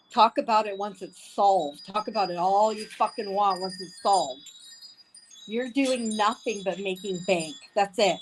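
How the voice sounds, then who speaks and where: A woman's voice: mid-range voice, low-quality recording. Heated, profane woman ranting. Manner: heated, profane, repeats herself. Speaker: livestreamer. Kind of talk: angry ranting livestream. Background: faint wind chimes.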